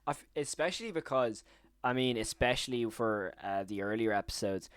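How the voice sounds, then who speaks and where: A man hosting an interview, asking questions in a relaxed, easygoing way. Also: medium pitch, normal speed, smooth, no echo. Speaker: podcast host. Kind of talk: casual interview chat.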